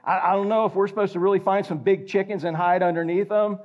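An older man preaching a sermon, animated and jokey, quizzing the congregation. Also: high voice, quick pace. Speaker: pastor. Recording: slightly dull lo-fi recording.

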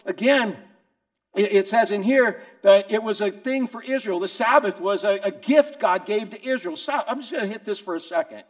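A man, preaching a casual sermon, teasing his listeners and asking them questions. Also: sits high. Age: 60s. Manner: teasing, conversational, asks the group questions. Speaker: pastor. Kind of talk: casual sermon to a small group.

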